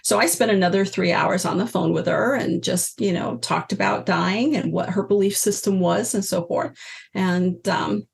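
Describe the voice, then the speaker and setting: A woman's voice: mid-range voice, moderate pace, gravelly. A woman in her sixties, a guest telling stories in a casual interview and acting out the voices she quotes. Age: 60s. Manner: animated storyteller, acts out quoted voices. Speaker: guest, energy healer and teacher.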